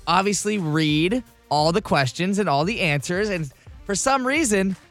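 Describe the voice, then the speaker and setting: A man telling a self-mocking story in animated, casual chat on a radio show. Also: sits high, measured pace, soft background music. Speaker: radio show regular, trivia host. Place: radio studio.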